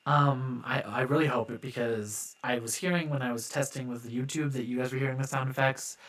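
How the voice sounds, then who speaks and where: A man narrating a live-streamed improv story with expressive dramatic delivery. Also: mid-range voice, fairly quick. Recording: echoey reverb with loud music.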